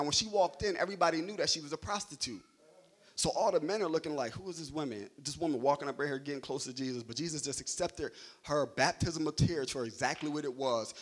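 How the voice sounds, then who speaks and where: A man's voice: fairly high pitch, a bit bright, husky. A young adult man preaching a sermon in a loose, joking, conversational way, checking in with "right?" after nearly every point.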